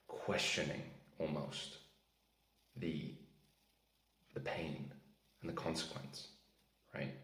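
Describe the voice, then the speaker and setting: A man's voice: a bass voice, roomy sound, low-quality recording. A man coaching on sales in a casual teaching talk, often checking in with "right?" and "okay?". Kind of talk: instructional talk to camera.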